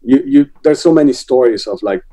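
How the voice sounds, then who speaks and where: A man's voice: mid-range voice, fairly quick, dark tone. A man, a film director talking casually in a podcast interview, rambling with many restarts. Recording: dull lo-fi remote audio.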